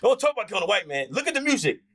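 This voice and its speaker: A man's voice: sits high, big pitch swings, rapid-fire, a bit bright, slightly rough. A man talking as an interview guest in a heated, candid conversation, impassioned and profane, acting out the voices he quotes.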